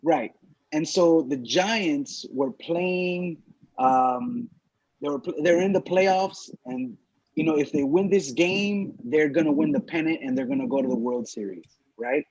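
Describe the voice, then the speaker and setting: A comedian from Los Angeles telling a story in casual chat, animated and profane, acting out the people he quotes. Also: a little high, unhurried, creaky. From Los Angeles, USA. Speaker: comedian podcast co-host. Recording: dull lo-fi dry sound.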